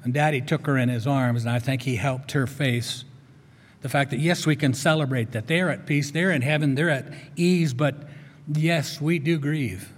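A man's voice: medium pitch, normal speed, a little hiss or hum. An older man, a chaplain, preaching a sermon in an earnest, conversational storytelling way. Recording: long reverb of a large hall.

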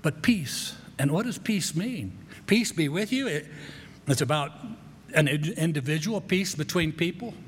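A man preaching a conversational sermon as pastor, with frequent restarts and quick asides. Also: fairly high pitch, expressive, slightly rough. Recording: long hall reverb.

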